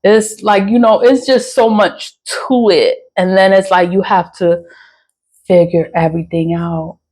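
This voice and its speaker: Woman just talking to her camera, mid pitch, swears a lot, keeps laughing. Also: steady tone, a little slow, darkish tone, rough recording. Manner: frank, swears freely, laughs often. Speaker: spiritual vlogger. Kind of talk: casual rambling monologue.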